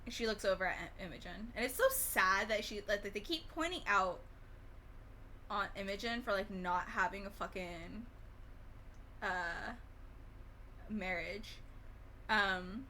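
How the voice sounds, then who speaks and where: A woman streamer rambling casually, retelling a movie with quick acted quotes, sounding a bit sleepy. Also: mid-range voice, sharp tone, a little hiss or hum. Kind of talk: casual gaming stream chat.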